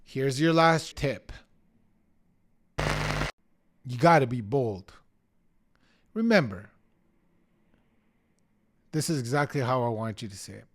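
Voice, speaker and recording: A middle-aged man gives real estate tips straight to the camera at a mid pitch. He drives each point home with punchy emphasis and slips into quick acted snippets of clients and agents. His delivery is energetic and direct. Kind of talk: energetic coaching talk to the camera.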